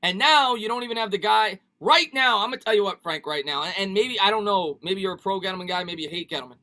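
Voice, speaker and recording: Male sports streamer, high and bright, excitable and repetitive, casual live chat. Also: fast talker. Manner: animated, repeats himself, reads viewer comments.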